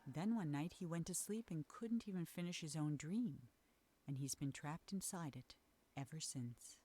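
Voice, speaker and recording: A woman narrating a game's fairy tale in a soft, measured storytelling voice over faint background noise. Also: sits low, husky. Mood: wistful. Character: calm female storybook narrator, gentle and wistful. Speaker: game narrator.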